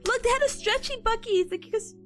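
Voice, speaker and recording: A woman's voice: extremely high pitch, fast talker, faint music behind. A woman streaming and chatting casually, telling stories in a bubbly, giggly way. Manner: giggly, bubbly storytelling, frequent laughter.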